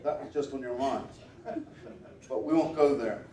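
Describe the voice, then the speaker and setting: A warm, medium-pitched male voice at a moderate pace belongs to a stage performer at a gala who reads volunteers' body language, ribbing them wryly and chanting repeated commands. The event hall sounds roomy, the mic is distant, and there's a bit of background noise.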